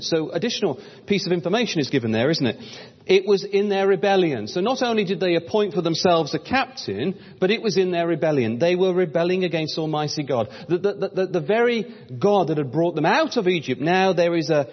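A man's voice: a little high, animated, normal speed, breathy edge. A man preaching a Bible-study sermon, reading old-fashioned scripture aloud and calling his listeners brothers and sisters. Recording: dull lo-fi recording in a reverberant hall.

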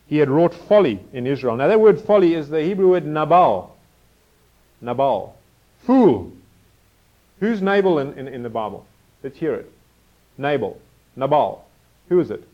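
Animated man preaching with a muffled sound. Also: a little high, moderate pace, pauses often. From Africa. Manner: lively, teasing, quizzes the audience. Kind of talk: expository sermon.

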